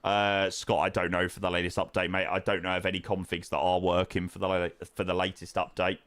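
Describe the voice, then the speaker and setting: A man's voice: deep voice, completely flat delivery, a little fast, fairly bright tone, dry recording. A young man streaming a flight sim, chatting casually with viewers in matey banter full of fillers. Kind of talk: casual live-stream chat, answering viewers.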